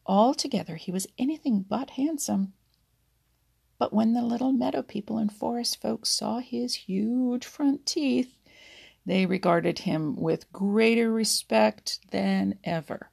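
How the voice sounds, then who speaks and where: Woman, storybook reader, slow, very gravelly, husky, soft half-whispered delivery. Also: medium pitch. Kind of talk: storybook reading aloud.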